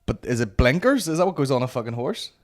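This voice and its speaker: A man's voice: mid-range voice, very animated, fast talker. A man hosting a comedy podcast, crude and laughing, swearing constantly as he chats. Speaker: podcast host.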